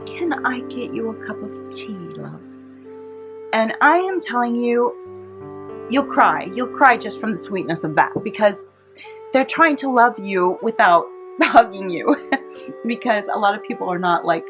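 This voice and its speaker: Lady chatting to her viewers, middle-pitched voice, laughs a lot, music playing underneath. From California. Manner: chatty, warm-hearted, laughs often, dramatizes quotes. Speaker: vlogger. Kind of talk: personal storytelling to camera. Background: soft instrumental music.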